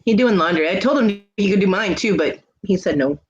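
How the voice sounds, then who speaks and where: A man's voice: high-pitched, lively intonation, slightly rough. A man co-hosting a casual live stream chat, cracking jokes and teasing his co-hosts. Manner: wisecracking, quick with jokes. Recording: dull lo-fi stream audio.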